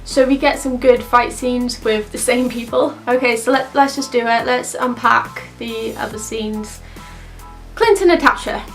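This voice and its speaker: A young woman giving a casual, rambling film review, excitable and swearing freely. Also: on the high side, measured pace, soft background music. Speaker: movie reviewer.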